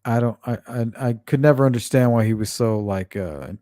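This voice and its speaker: A man's voice: mid-range voice, brisk, dark tone, dry recording, clean studio sound. A man hosting a true-crime livestream, chatting casually and reading out viewer comments, blunt and often profane. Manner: blunt and profane, with frequent fillers.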